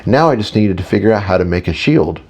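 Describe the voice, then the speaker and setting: Casting: male audiobook narrator, casual first-person read, low voice. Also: animated, fast, a little mellow, husky. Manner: casual, with small reading slips.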